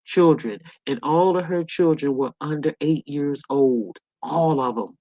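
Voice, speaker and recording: A woman's voice: low voice, measured pace, hardly any pauses, dark tone, dry recording. Chatty middle-aged woman hosting a livestream. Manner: chatty storyteller, swears, addresses viewers. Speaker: livestream host. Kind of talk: casual livestream chat. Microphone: laptop microphone. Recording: dull lo-fi laptop audio.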